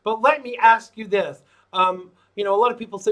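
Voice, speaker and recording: Brash high-voiced male talk show host. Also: steady tone, brisk, fairly bright tone. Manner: brash, mocking and blunt. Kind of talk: casual political talk show chat.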